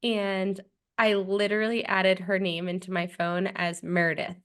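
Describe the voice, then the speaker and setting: A woman's voice: medium pitch, level tone, unhurried, fairly bright tone, smooth. A young adult woman co-hosting a podcast in casual chat, playful and joking, while getting over a cold. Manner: playful, joking, laughs often. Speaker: podcast co-host.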